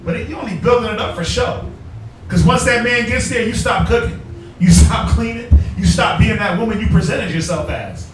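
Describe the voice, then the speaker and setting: A man preaching loudly on the street, calling out scripture readings and mocking in put-on voices. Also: sits high, moderate pace. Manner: loud, forceful, calls for verses and mocks in put-on voices. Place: outdoors on a street. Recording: echoey, from far off, faint noise.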